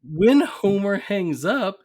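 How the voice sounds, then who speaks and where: A man's voice: high-pitched, sing-song, takes it slowly, darkish tone. A man co-hosting a podcast in casual chat, animatedly retelling scenes and laughing often. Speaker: podcast co-host. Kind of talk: casual chat recapping an episode.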